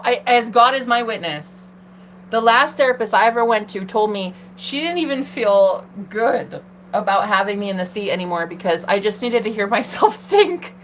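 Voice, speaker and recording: A woman's voice: medium pitch, fairly bright tone, slight background noise. A young woman hosting a tarot livestream, talking in a sassy, swearing, casual monologue to herself and her chat. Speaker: tarot reader and livestream host.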